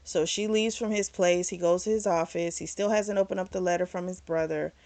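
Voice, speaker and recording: A woman's voice: on the low side, steady tone, a little fast, a little mellow, dry recording. A woman recapping a novel's plot in a casual, chatty way, filling her speech with "like" and "um" and swearing now and then. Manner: chatty, retells plot in quoted voices, frequent "like" and "um". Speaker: book reviewer. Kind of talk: casual book review recap.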